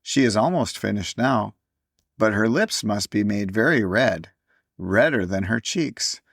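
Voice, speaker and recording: A man's voice: lowish voice, expressive, unhurried, vocal fry, dry recording, clean studio sound, exaggerated voice. A man voicing a little girl in a storybook reading, earnest and explaining things with grave wisdom. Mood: eager. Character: little girl, eager and wise beyond years.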